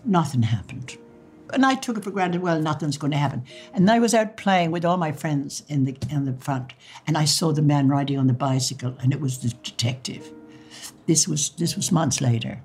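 An older Irish woman recalling her life, telling stories in a lively way and acting out the voices of people in them. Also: sits low, moderate pace, faint music behind. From Ireland. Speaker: interviewee. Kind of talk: personal storytelling.

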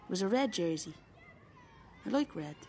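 A woman narrating in first person as a quiet, wistful young boy in foster care. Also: medium pitch, lively intonation, moderate pace, a little hiss or hum, natural voice.

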